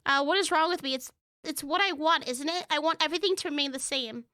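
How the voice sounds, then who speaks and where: A woman streamer reading a dating game's narration aloud in a measured tone, with profane asides. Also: high-pitched, sharp tone, no room sound, studio quality. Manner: swears freely, reads narration in a measured tone. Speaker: gaming streamer. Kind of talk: reading a game aloud with reactions.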